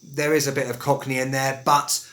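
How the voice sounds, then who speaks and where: A young English teacher with an Estuary English accent talks in a casual, chatty way. His voice is bright and forward, with a middling pitch. He stretches words out slowly when he demonstrates a sound. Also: level tone. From England. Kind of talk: casual video lesson.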